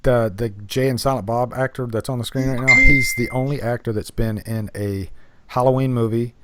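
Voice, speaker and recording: A man's voice: mid-range voice, steady tone, normal speed, over a noisy crowd. A man hosting a casual movie commentary stream, chatty and full of trivia, laughing often.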